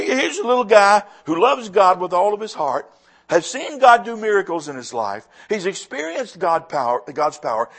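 A pastor delivering a sermon in a high, lively voice. He leans hard into emphatic lines, then drops to a hushed, intimate tone. His pitch rises and falls widely as he preaches. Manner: dynamic preaching, swings from loud emphasis to hushed.

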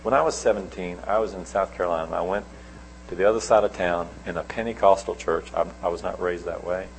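A middle-aged man preaching a sermon, telling stories with sudden swings between loud and soft. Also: deep voice, fast talker, vocal fry, a little hiss or hum, rough recording.

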